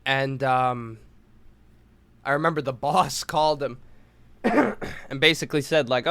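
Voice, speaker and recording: A man's voice: mid-range voice, lively intonation, slow pace, long pauses, a bit bright, dry recording. A young man telling a rambling story on a casual podcast, swearing freely and acting out quotes. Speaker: podcast co-host.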